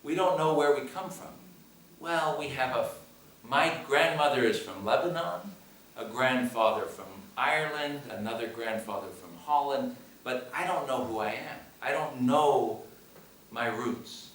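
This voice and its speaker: The American director speaks a little slowly in a mid-range, fairly bright voice during a post-screening Q&A. He talks emphatically, repeating phrases and asking rhetorical questions, and the echoey cinema hall leaves him sounding distant amid faint noise.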